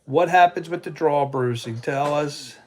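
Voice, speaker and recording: Excitable man hosting a livestream. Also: on the high side, unhurried. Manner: excitable, playful, keeps calling on his sidekick. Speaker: livestream host. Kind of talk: casual livestream chat.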